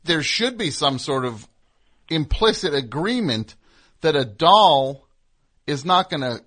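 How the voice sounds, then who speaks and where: A man hosting a comedy radio show, bantering in a dry, deadpan way and correcting his guest. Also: fairly high pitch, takes it slowly. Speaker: radio host.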